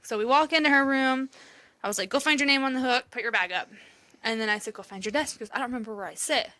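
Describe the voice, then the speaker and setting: A woman's voice: on the high side, fast talker, sharp tone. A woman co-hosting a podcast, telling an emotional story in casual chat, swearing freely and laughing often. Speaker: podcast co-host.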